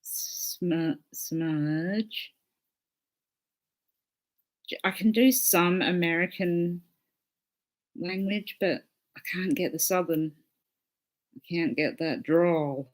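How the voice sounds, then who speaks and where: A woman's voice: lowish voice, very slow, pauses often. A woman hosting a casual livestream, chatting with viewers in a loose, swearing, laughing way. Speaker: livestream host.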